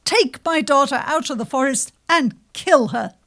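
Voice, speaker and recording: Woman voicing a stern roaring king, loud, slightly lower, storytelling. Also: a little slow. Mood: angry. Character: angry proud old king.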